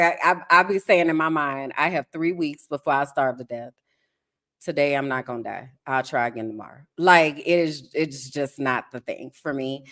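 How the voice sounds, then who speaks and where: Low-pitched woman host; frank, lively storyteller on a casual call-in podcast. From United States. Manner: candid, animated storytelling with sudden laughs.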